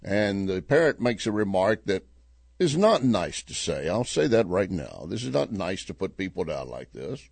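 Husky and low-pitched with some vocal fry, this middle-aged talk radio host speaks at normal speed, with no echo on the recording. He weighs in on the news and spins a joke, animated and chuckling to himself along the way.

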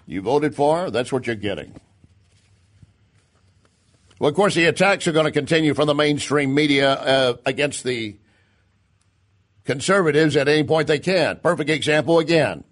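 A male talk host delivering opinion commentary with a somewhat high voice. He talks emphatically and sarcastically, stumbling and restarting now and then. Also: moderate pace, pauses often.

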